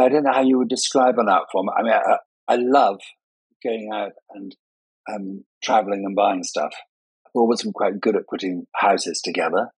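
An older party and wedding designer, brought up in Scotland but sounding English with no Scottish accent, is a guest in a conversational interview sharing playful, self-mocking anecdotes. His voice is on the low side and husky, in a dry, rough recording.

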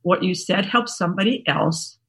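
Gravelly-voiced woman in her sixties. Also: lowish voice, moderate pace, fairly bright tone. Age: 60s. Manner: chatty, laughs often, describes herself as an introvert. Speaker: guest, workshop founder. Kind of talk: casual interview storytelling.

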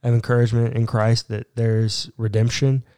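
A man's voice: medium pitch, little pitch movement, normal speed, mellow, clear, resonant tone, no room sound, studio quality. A man co-hosting a casual chat about prayer and faith, joking and thinking aloud as he talks. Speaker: podcast co-host.

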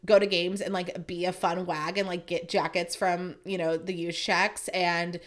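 A woman hosting a laid-back chat show, her speech full of fillers as she tumbles from one thought to the next. She sounds animated and opinionated, bouncing between excitement and exasperation. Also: on the low side, a little slow. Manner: chatty, filler-heavy "like" talk. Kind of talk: casual chat.

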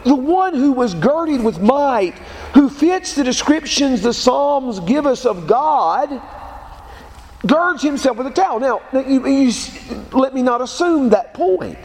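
A man preaching in a church, his voice unusually high and animated, rising and falling as he presses his points. The sound carries a long, roomy reverb with faint ambient noise behind it. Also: measured pace. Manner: emphatic preaching, quotes scripture aloud. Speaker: pastor. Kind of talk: sermon.

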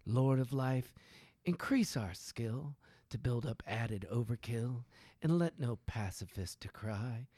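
A man in casual chat, reading a printed prayer aloud slowly and laughing along. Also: medium pitch, expressive, warm tone, no room sound. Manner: slow, amused, laughs often.

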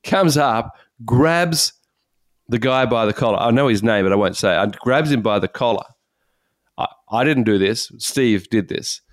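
A man, a pastor, giving an earnest, animated personal testimony in conversation. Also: mid-range voice, moderate pace, no room sound, clean studio sound. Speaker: pastor and guest speaker.

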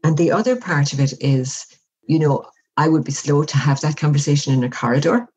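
A woman speaking as an interview guest, giving measured, reflective advice and often acting out example conversations. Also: sits low, muffled recording, noisy background. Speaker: workplace wellbeing guest.

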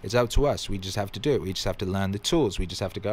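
A man's voice: sits low, very fast, slightly rough. Fired-up man hosting a livestream. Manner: emphatic, exclamatory, swearing; reads out viewer comments. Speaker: livestream host. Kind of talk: motivational livestream talk.

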